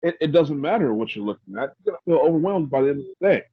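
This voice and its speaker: A man hosting a podcast, chatting casually in a rambling, halting way with many restarts. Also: fairly high pitch, big pitch swings, husky, dry recording, phone-quality sound. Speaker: podcast host. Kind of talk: casual opinionated chat.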